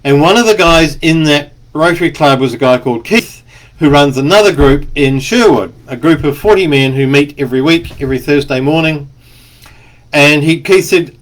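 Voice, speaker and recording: A man, an author, talking in a rambling, chatty monologue, stopping now and then to cough. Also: fairly high pitch. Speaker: author and speaker. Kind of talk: casual spoken monologue.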